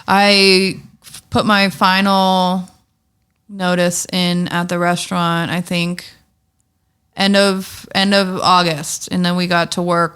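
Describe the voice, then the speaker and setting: A woman's voice: lowish voice, fairly bright tone, clear, resonant tone. A woman talking casually on a podcast as a guest, upbeat and chatty, with lots of "like" and "um". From Pittsburgh area. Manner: chatty, upbeat storyteller with frequent "like" and "um". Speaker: guest, candle shop owner.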